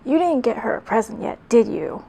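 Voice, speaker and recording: A woman voicing a chipper, squeaky young male fox sidekick while reading her old fan fiction aloud. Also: very animated, brisk, vocal fry, dark tone, slightly rough, exaggerated voice, poor audio. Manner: chipper, high-pitched.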